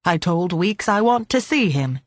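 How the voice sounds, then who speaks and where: A woman's voice: fairly low pitch, animated, unhurried, no echo. A woman reading an audiobook, voicing a very old man who speaks dryly and fretfully. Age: older. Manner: dry, fretful.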